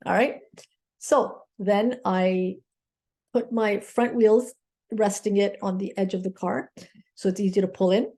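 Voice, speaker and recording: A woman's voice: medium pitch, fairly even intonation, moderate pace, gravelly, mellow. A woman mindset coach telling a personal story in an earnest, grateful way, often checking in with her listeners with "okay?".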